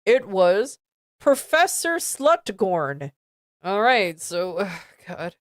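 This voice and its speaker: A woman's voice: medium pitch, sing-song, drawn-out words, no room sound, clean studio sound. A woman streamer reading a badly written fan fiction aloud, stumbling over misspellings and breaking off into exasperated asides.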